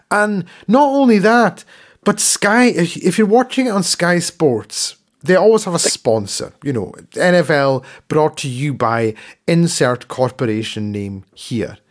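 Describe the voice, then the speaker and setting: Ranting man, high-pitched for a man. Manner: ranting, repeats words when worked up. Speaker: podcast co-host. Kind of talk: casual chat.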